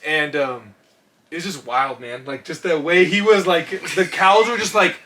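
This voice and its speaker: A man co-hosting a casual comedy podcast, telling stories with lots of swearing and bursts of shouting. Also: on the high side, measured pace, a little hiss or hum. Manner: profane storytelling, shouts when acting out scenes. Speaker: podcast co-host.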